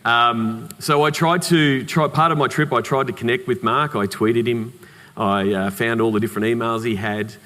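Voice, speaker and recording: An Australian man giving a conference keynote, telling anecdotes in a lively way with humorous asides. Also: medium pitch, moderate pace. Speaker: keynote speaker. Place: conference hall. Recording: reverberant conference hall.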